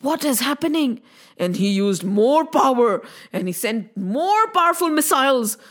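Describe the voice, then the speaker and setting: Animated woman telling a children's story. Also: high-pitched, a little slow. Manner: animated, asks the listener questions, sound effects.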